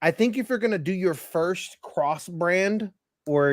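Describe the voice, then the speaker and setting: Male podcast co-host: high pitch, very dry, animated casual delivery with frequent swearing. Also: unhurried, dry recording. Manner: animated, swears freely, laughs often. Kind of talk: casual sports chat.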